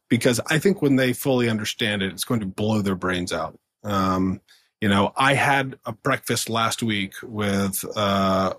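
A man as a podcast guest, telling a story in a chatty way, full of fillers and quick laughs. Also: fairly low pitch, a bit bright, no room sound. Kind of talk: casual storytelling in conversation.

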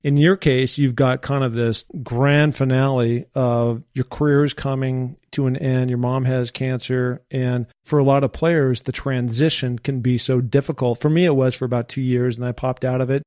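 A man's voice: mid-range voice, fairly even intonation, normal speed, hardly any pauses, darkish tone, no room sound. Dry-sounding middle-aged male interviewer. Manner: affirming, leading questions. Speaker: interview host, former NFL player. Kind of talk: conversational interview.

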